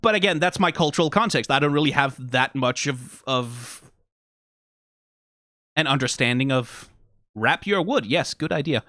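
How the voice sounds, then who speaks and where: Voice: medium pitch, lively intonation, moderate pace, pauses often, sharp tone, no room sound, studio quality. Rambling Danish-accented reactor. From Denmark. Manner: rambling, swears often, many fillers. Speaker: video reactor. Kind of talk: casual reaction commentary.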